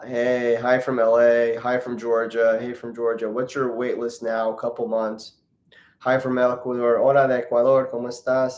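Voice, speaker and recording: A man's voice: medium pitch, normal speed. Man in a roomy echo, joking Q&A host. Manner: relaxed, joking, greets viewers by name. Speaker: plastic surgeon hosting a live Q&A. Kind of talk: casual live-stream chat, reading viewer comments aloud.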